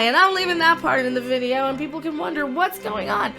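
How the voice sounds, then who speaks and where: A woman hosting a ranting commentary vlog, sarcastic and theatrical in her delivery. Her voice sits a bit high, and music plays clearly underneath. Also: animated, a little fast, hardly any pauses. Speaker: commentary channel host. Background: background music.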